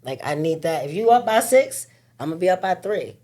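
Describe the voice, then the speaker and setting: A woman's voice: lowish voice, expressive, brisk, mellow. A woman, a mother of three, talking frankly and laid-back about her own time in a podcast chat. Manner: frank, laid-back, calls music therapy. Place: podcast studio.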